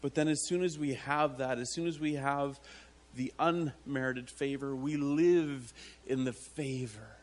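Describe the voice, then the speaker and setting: A man preaching a sermon to his church, halting and repeating words as he tells a story, often breaking into laughter. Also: mid-range voice. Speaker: pastor.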